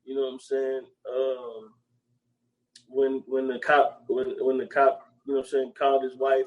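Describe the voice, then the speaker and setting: A man in his usual speaking voice, neither high nor low, chatting on a podcast. He rambles along in loose slang and keeps looping back to the same filler phrases. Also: completely flat delivery, moderate pace, highs cut off. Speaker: podcast co-host. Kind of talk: casual chat.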